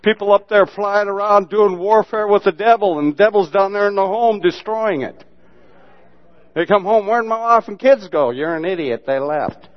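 A man preaching a sermon in a folksy, mocking, humorous way, mixing Bible lessons with sudden loud imitations. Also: high voice, moderate pace. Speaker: pastor. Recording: dull lo-fi sermon recording.

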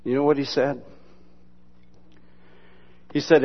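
A man preaching a sermon in a folksy, mocking, humorous way, mixing Bible lessons with sudden loud imitations. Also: mid-range voice, steady tone, normal speed, long pauses. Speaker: pastor. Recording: dull lo-fi sermon recording.

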